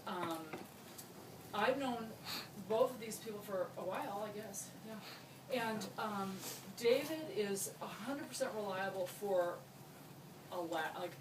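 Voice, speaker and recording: Joking woman giving a wedding toast. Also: medium pitch. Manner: joking and chatty, laughing often. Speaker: wedding speech giver, friend of the couple. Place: wedding reception. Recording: distant echoey room, noisy.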